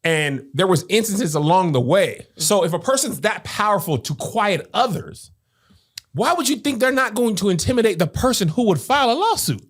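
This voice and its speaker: A woman's voice: mid-range voice, lively intonation, moderate pace, breathy edge. A woman podcast host in casual discussion, arguing her points with rhetorical questions. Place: podcast studio.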